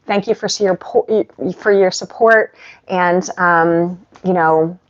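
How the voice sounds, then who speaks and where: A woman's voice: lowish voice, steady tone, takes it slowly, highs cut off. A woman yoga instructor chatting casually on a live stream from her living room and reading from her book. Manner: chatty and warm with pets, laughs often.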